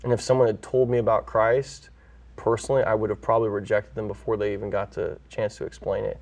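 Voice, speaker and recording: A man's voice: lowish voice, level tone, fast, vocal fry, darkish tone, recorded from a distance. A man from California, a pastor who is a guest on an interview show, earnestly telling his own story and acting out the voices he quotes. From California, USA.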